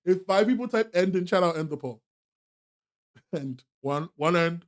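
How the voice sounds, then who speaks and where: High-voiced young man laughing through mock outrage. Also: expressive, normal speed. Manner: laughs often, mock outrage, talks to chat. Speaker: streamer. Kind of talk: live stream chat.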